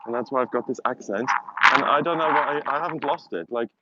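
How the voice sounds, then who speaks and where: A man with a mid-range voice and a slightly fast pace chats in a South African accent, though German is his first language. As a vlogger live-streaming from a hilltop by phone, he rambles and laughs at himself, and wind rushes over the dull, low-fidelity sound.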